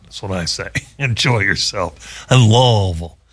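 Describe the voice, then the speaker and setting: A man's voice: on the low side, a little slow, bright, forceful tone, breathy edge. A man hosts a casual radio chat. He rambles from one topic to the next and adds wry, joking asides. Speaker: radio show host.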